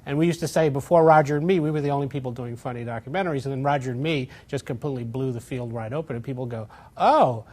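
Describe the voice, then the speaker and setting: Fast-talking man, lively filmmaker. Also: mid-range voice. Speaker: documentary filmmaker. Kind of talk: interview answers.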